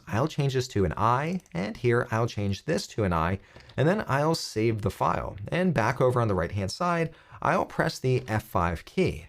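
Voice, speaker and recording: A man teaching a coding lesson, explaining each step clearly as he types. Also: mid-range voice. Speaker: web coding instructor. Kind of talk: screen-recorded coding tutorial.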